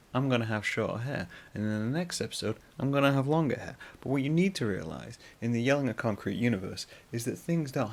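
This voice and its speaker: A middle-aged man from northern England hosting a solo podcast, rambling and self-mocking as he talks through an anecdote. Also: on the low side. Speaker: podcast host.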